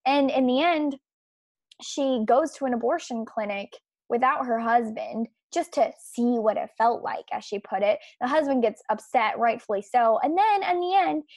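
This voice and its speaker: Indignant woman host, high, dry sound. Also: a little mellow, no room sound. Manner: indignant, emphatic, scornful. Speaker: podcast host. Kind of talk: opinionated commentary.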